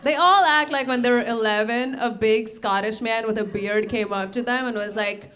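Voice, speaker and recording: A woman's voice: a little high, moderate pace. A young woman from Texas doing a stand-up set in a comedy club, dry and self-deprecating, laughing into her own lines. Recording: live club audio with loud crowd laughter.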